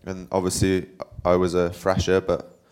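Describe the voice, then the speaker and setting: Here a young Welsh pro cyclist tells stories as a guest at a live talk, rambling casually and making fun of himself. His low voice is completely flat, darkish and smooth, at a moderate pace.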